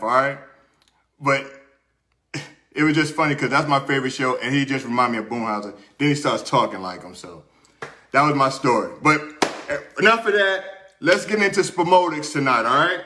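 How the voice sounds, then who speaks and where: In a small room under hot studio lights, a young man hosts his show, telling a casual story before going over his sports picks, chatty and repeating himself to viewers. His medium-pitched voice is animated, pushed and bright, at normal speed.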